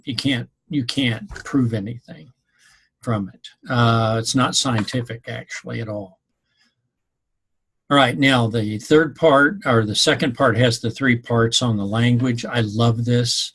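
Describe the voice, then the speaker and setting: A man's voice: medium pitch, fairly even intonation, measured pace, fairly bright tone, slightly rough. A man giving a rambling, conversational class talk to his students. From Missouri, USA. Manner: rambling, conversational, with many ums. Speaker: instructor. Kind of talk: informal recorded class talk.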